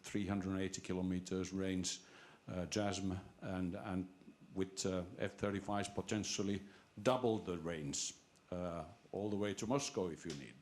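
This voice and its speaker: A man asking a long, halting question from the floor at a seminar, full of restarts and fillers. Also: low-pitched, fairly even intonation, a little mellow, slight background noise. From Finland. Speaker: audience member asking a question.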